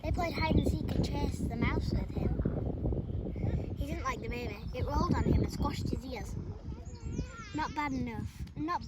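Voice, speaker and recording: A woman's voice: high-pitched, normal speed. Woman reading a picture book. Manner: expressive, lively storytelling. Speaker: storybook reader. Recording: loud background noise.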